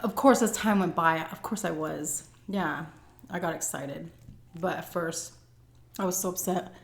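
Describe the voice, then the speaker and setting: A woman vlogger tells a personal story in a relaxed, chatty manner, peppering it with "like" and "um." Her voice is gravelly and on the low side, and she takes her time. The room sounds echoey.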